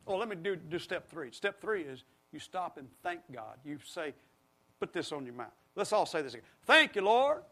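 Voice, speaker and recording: A man's voice: a little high, expressive, normal speed. A middle-aged man preaching a sermon, leading the congregation in call-and-response. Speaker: pastor.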